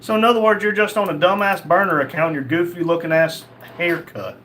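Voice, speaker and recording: A man's voice: high voice, fairly quick, pushed and bright, slight background noise. Blunt man reading live chat. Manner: blunt, crude and joking. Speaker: livestream host. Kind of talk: casual livestream chat, reading comments.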